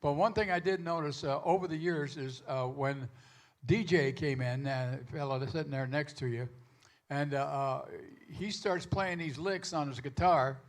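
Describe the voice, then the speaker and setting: A man from Michigan in the audience, telling a story haltingly with many fillers. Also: on the high side. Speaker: audience member. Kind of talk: casual chat.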